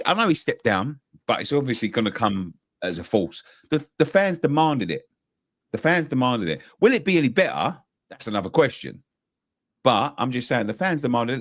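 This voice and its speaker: Blunt, lively co-host. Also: male voice, medium pitch. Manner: blunt, sweary banter. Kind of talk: casual chat.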